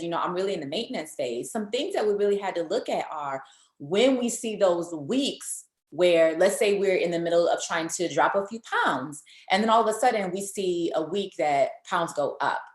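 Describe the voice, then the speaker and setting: Woman coach, deep voice, explains step by step, roomy echoey sound. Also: lively intonation, normal speed. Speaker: nutrition coach and host. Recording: echoey room.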